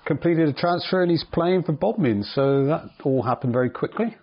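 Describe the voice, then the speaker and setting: A man's voice: a little high, normal speed, breathy edge, dull audio. A man hosting a local football podcast and asking short, plain questions. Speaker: podcast host. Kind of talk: interviewing.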